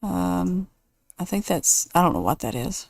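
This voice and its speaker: A woman's voice: fairly low pitch, lively intonation, a little slow, creaky, no echo. A woman hosting a casual let's play, thinking aloud and weighing choices as she builds. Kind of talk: casual gameplay commentary.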